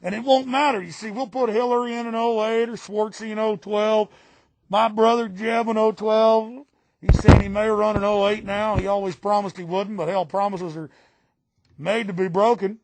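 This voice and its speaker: A man's voice: sits high, fairly even intonation, normal speed, a little mellow. A man voicing a smug, boastful mock Texan politician in a put-on Texan drawl, mocking and cackling. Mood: gloating. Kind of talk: political satire impression.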